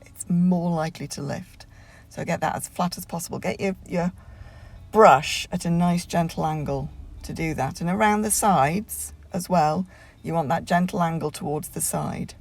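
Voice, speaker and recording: A woman narrates a nail tutorial at home in a casual voiceover. Her voice has a gravelly, fry-touched texture. She rambles chattily, full of ums and restarts. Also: on the low side, normal speed, darkish tone.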